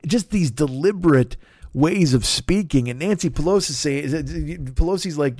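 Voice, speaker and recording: A man's voice: expressive, normal speed, dry recording, studio quality. A man, the host, delivering a heated, profane comedic political rant. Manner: heated, profane, sweeping swings in pitch.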